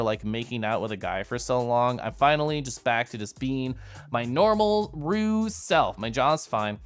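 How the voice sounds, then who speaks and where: This streamer, a giggly, bubbly man, chats casually to his livestream audience, recapping VR chat meetups with many asides. Earlier whiskey has left him tipsy. His voice sits mid-range and is a bit bright.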